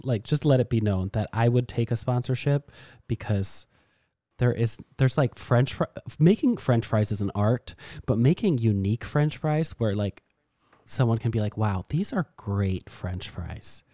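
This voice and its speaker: In a studio-quality recording with no room sound, a young man co-hosting a podcast spins stories during relaxed conversation. His voice is mid-range and his pace moderate, and he animatedly performs the quotes.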